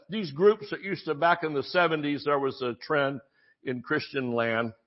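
A man pastor preaching a sermon, reading scripture with jokes and sudden shouts. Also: fairly high pitch. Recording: dull lo-fi audio.

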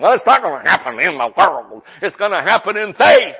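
A man preaching a sermon as pastor, fiery and loud, breaking into shouts and joking with the congregation. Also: high-pitched, sing-song, a little fast, gravelly, slightly rough, muffled recording.

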